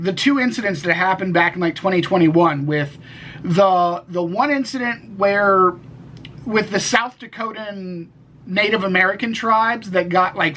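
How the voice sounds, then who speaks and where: Rambling man with a high voice. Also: bright, forceful tone, a little hiss or hum, rough recording. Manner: rambling, many restarts and fillers, swears. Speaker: podcast co-host. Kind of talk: casual political chat.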